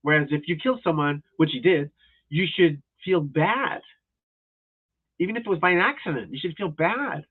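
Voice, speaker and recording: A man's voice: a little high, moderate pace, breathy edge. A man hosting a livestream as a golf instructor, in a casual, rambling, blunt and profane rant. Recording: tinny phone-like audio.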